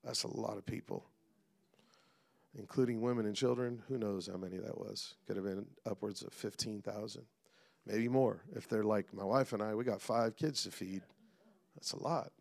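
A middle-aged man preaching a sermon as pastor, calling out to the congregation and swinging between loud and hushed delivery. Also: lowish voice, normal speed, gravelly.

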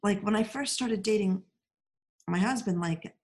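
A woman's voice: medium pitch, measured pace. A woman in casual chat, telling stories with lots of restarts and laughter. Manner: chatty storyteller, warm laughs, many restarts.

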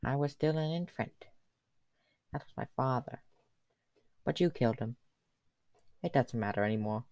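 A man's voice: mid-range voice, expressive, moderate pace, long pauses, darkish tone, no echo, natural voice. A man voicing a smug male Waluigi villain who cackles with nasal wah cries. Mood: brooding.

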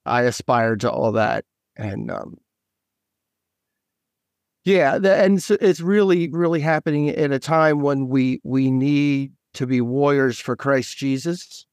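A man's voice: medium pitch, slow pace, a little mellow, no echo, studio quality. A man, a guest author, in casual faith talk, speaking eagerly and in scattered bursts with many restarts.

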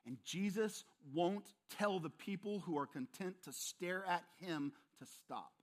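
A man's voice: on the high side, moderate pace. A male pastor preaching a sermon, emphatic and repetitive, often speaking straight to his listeners.

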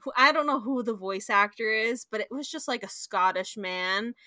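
This podcast co-host is a young woman whose fairly high, pushed, bright voice moves at a moderate pace. She chats casually and tells animated stories full of laughter and playful sound effects. The studio sound is clean, without echo.

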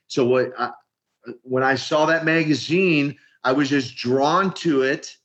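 An older man from Minneapolis, an animated storyteller who often repeats words as he starts his sentences in an interview. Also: mid-range voice, a little slow. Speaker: retired wrestler guest. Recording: dull lo-fi sound.

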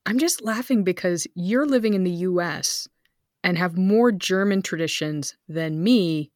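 A woman in her thirties co-hosting a podcast, talking chattily, with quick asides and bursts of speed. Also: fairly low pitch, darkish tone, no room sound, clean studio sound. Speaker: podcast co-host. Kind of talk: casual family chat.

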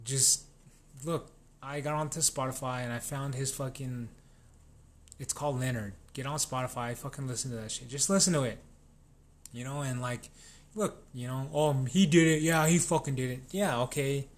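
A man's voice: medium pitch, moderate pace. A man in a casual, rambling rant, swearing constantly and restarting his sentences. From New Mexico.

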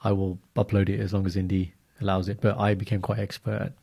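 A man co-hosting a podcast in casual, animated chat, laughing and using slang. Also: low voice, quick pace, vocal fry, breathy edge. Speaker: podcast co-host.

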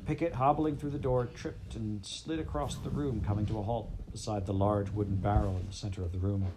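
A man reading a children's storybook aloud in a steady, measured way. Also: on the low side, noisy background. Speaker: audiobook reader. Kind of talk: storybook narration.

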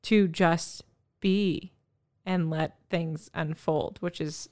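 A woman in her thirties chats with her co-host, expressive and quick to laugh. Her voice is smooth and fairly low for a woman. It is recorded close and dry. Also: dry recording. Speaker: podcast co-host. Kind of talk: casual chat.

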